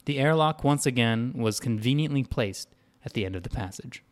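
A man narrating a story at an unhurried pace. His reading stays even and plain, in a mid-pitched voice. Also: no room sound.

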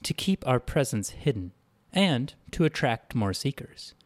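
A calm synthetic man, voiced by a male storyteller, formal and unmoved. His replies come measured and matter-of-fact, in a mid-pitched voice.

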